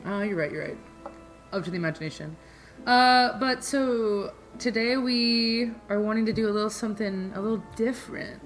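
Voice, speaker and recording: A woman's voice: medium pitch, moderate pace, faint music behind. A young woman co-hosting a podcast in casual chat, laughing often as she talks. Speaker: podcast co-host.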